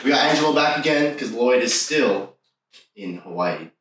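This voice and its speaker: A man hosting a podcast, opening the episode and introducing his co-hosts in a relaxed, playful tone. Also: mid-range voice, normal speed, noisy background. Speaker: podcast host. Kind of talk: casual chat. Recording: echoey room, mic at a distance.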